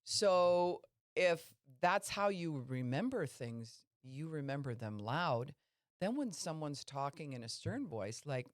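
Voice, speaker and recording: A woman's voice: sits low, sing-song, slow, dry recording, studio quality. A woman pastor giving a conversational teaching talk on a podcast, explaining and asking listeners questions.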